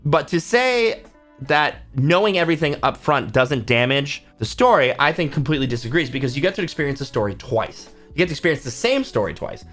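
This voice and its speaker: A man's voice: medium pitch, fairly bright tone. A man, a book channel host and author, talking casually to camera and acting out reactions with gasps and whispers. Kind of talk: casual talk to camera about films.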